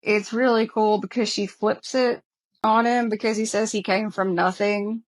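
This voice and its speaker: A woman's voice: mid-range voice, little pitch movement, normal speed, poor audio. A woman with a Southern US accent co-hosting a podcast, chatting casually about a TV show with exasperated asides. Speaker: podcast co-host. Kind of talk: casual chat recapping a TV show.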